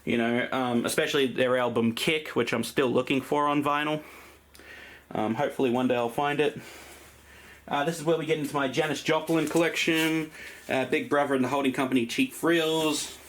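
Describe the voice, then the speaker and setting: Moderately paced and a bit bright, his mid-range voice holds a steady tone. The Australian vlogger casually walks through his vinyl collection, rambling and peppering the list of records with ums and uhs.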